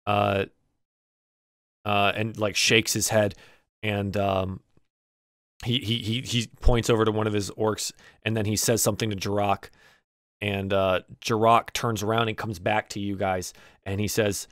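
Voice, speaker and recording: A man narrating as game master of a tabletop game, speaking haltingly with frequent restarts. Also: lowish voice, level tone, fairly bright tone, dry recording, studio quality.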